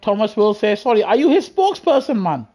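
A man's voice: high voice, big pitch swings, a little fast, a little mellow. A man streaming a racing game live, chatting to viewers casually in slang and repeating himself. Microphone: gaming headset.

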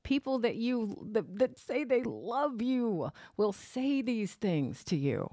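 A woman hosting a casual tarot podcast, expressive and animated, laughing often as she talks. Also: fairly high pitch, takes it slowly, hardly any pauses, dry recording, clean studio sound. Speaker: podcast host and tarot reader. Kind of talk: casual solo podcast chat with a tarot reading.

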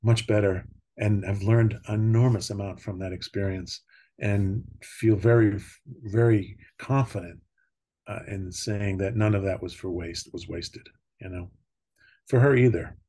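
Low-voiced older man telling stories. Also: fairly even intonation, husky. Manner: warm storytelling, laughing often, trailing pauses. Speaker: podcast guest. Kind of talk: casual conversation.

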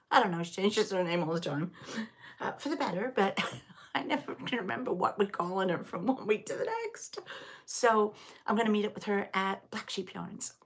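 A middle-aged woman from Liverpool hosting a casual live stitch-along chat, rambling and answering viewers as she goes. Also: on the low side. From England, Liverpool area. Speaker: knitting channel host. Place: home.

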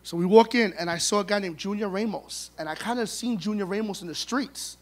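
A middle-aged man telling funny, animated stories at a memorial service, acting out the dialogue. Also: high voice, brisk. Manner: humorous, animated, acts out dialogue. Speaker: son giving a eulogy. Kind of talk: storytelling eulogy at a memorial service.

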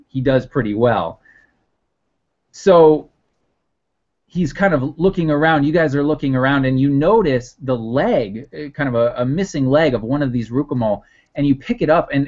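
Male game master, mid pitch, loose rambling narration, muffled lo-fi sound. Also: a little mellow. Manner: rambling, many fillers and restarts. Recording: dull lo-fi recording.

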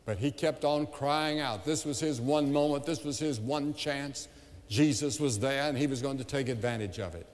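A man evangelist delivering a revival sermon to a large crowd, emphatic and building to loud appeals, recorded live in an arena. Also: mid-range voice, normal speed. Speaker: evangelist preacher. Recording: long hall reverb, live event.

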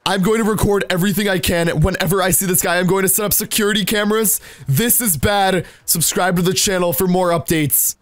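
A young man in his late teens giving anxious, excitable gameplay commentary and talking straight to his viewers. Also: high voice, a little fast, dry recording. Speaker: gaming YouTuber.

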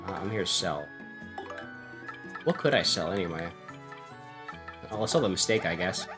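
A man's voice: low-pitched, animated, normal speed, pauses often, music in the background. A man streaming a game, casual and muttering, laughing at his own slips. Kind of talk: let's play commentary, reading dialogue aloud.

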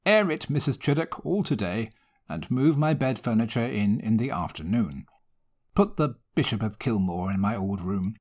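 A man's voice: lowish voice, lively intonation, normal speed, a little mellow. A man voicing an impatient, commanding country squire who speaks brusquely.

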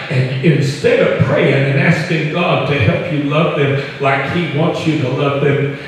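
A man's voice: on the high side, slight background noise. A male pastor preaching in a folksy, conversational way, with frequent asides to the congregation. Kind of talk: sermon. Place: church hall. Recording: echoey hall, distant mic.

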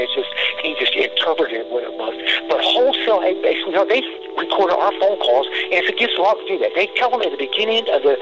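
A man's voice: on the high side, low-quality recording. A man speaking as a criminal defendant in a heated monologue, agitated and stumbling over many restarts.

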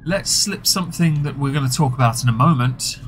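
A man's voice: mid-range voice, fairly quick, a little hiss or hum. A man, hosting a commentary video and reading a scripted, mocking rundown in a sarcastic tone. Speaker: commentary channel host.

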